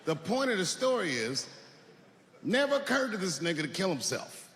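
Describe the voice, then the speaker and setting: A man doing profane stand-up comedy on stage before a live audience, swinging from muttering to shouting. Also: high voice, sing-song, normal speed. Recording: long hall reverb, noisy live room.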